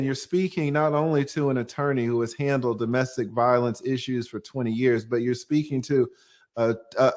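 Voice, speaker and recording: A middle-aged man, an attorney hosting a livestream, talking bluntly and emphatically, swearing freely and pushing his voice toward a shout when challenged. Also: a little high. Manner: raises voice to near-shouting when provoked. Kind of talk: heated livestream talk.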